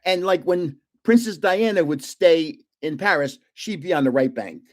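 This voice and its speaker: Older New man, rambling and high-voiced. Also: lively intonation, normal speed, darkish tone. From New Jersey. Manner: rambling, with frequent restarts and trailing asides. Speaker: live stream host. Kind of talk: casual storytelling.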